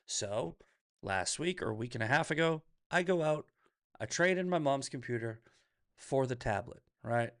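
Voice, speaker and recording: A man's voice: medium pitch, lively intonation, normal speed, fairly bright tone. A man hosting a livestream, ranting casually and profanely, laughing often and reading viewer comments aloud. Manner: reads chat comments aloud. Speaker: livestream host.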